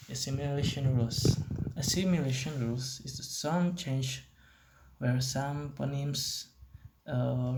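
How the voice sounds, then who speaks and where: Young male student, gravelly and monotone, halting class presentation. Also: mid-range voice. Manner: hesitant, halting reading with restarts.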